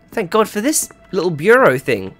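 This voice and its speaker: Jumpy streamer talking to chat. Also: medium pitch. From England. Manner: chatty, talks to the chat, yelps and shouts when startled. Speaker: game streamer. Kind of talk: live gameplay commentary.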